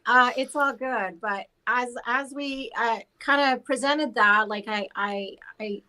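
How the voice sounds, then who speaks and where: A hoarse woman talking in a casual panel chat, chatty and laughing often. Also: fairly high pitch, slow pace, sharp tone, low-quality recording. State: hoarse after laryngitis.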